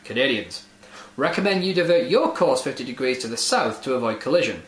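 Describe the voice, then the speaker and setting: A man voicing a calm, matter-of-fact male lighthouse operator on the radio, in an echoey room. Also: mid-range voice, a little fast, pitched below the performer's own voice, lightly acted. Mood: deadpan.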